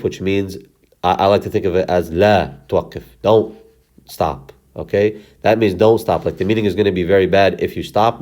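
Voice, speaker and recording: A man's voice: lowish voice, warm tone. Patient man teaching Quran recitation. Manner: patient, explains step by step, checks in with "okay?". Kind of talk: instructional explanation with recitation. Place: recorded lesson video.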